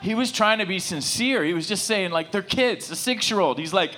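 Male pastor, middle-aged, rambling sermon storyteller with a bright, animated voice. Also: high-pitched, fairly quick, few pauses, slight background noise. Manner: animated, rambling with many asides.

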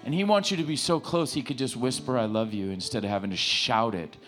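Man, pastor, impassioned sermon, stammering repeats, middle pitch, faint guitar behind. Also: sing-song, fast, fairly bright tone. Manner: impassioned, repetitive, stammering restarts. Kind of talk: sermon with altar call and prayer. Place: church sanctuary.

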